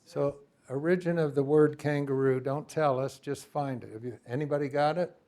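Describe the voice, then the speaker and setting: A man gives a classroom lecture on client counseling in a slightly higher voice. He talks in a lively way and keeps turning to his students with questions and prompts. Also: normal speed. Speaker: instructor.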